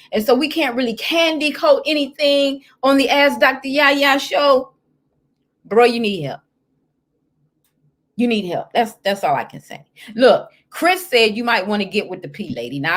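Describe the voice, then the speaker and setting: Sassy woman host reading confessions. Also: fairly high pitch. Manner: sassy, animated, talks straight to the listener. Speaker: host and life coach. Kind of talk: casual chat reading listener confessions.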